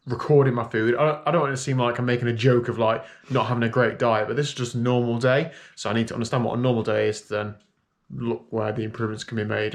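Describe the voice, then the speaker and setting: A man vlogging casually from his home kitchen, chatty and self-mocking, talking into a handheld camera. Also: mid-range voice. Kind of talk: casual vlog chat.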